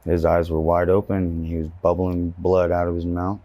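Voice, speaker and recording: A man's voice: low-pitched, monotone, normal speed, dark tone, no room sound. A man from Texas giving personal testimony in an interview, telling his story candidly and plainly.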